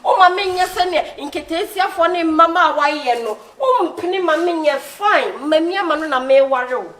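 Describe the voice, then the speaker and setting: A woman's voice: extremely high pitch, expressive, normal speed, a bit bright, recorded from a distance. A woman acting in a comedy skit, boastful and talkative.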